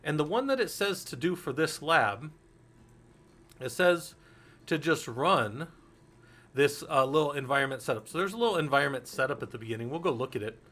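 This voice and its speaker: A man's voice: fairly high pitch, lively intonation, fairly quick, fairly bright tone. A man in his forties teaching a Linux security course in a candid, loose way, swearing freely and drifting into anecdotes. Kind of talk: casual technical lecture.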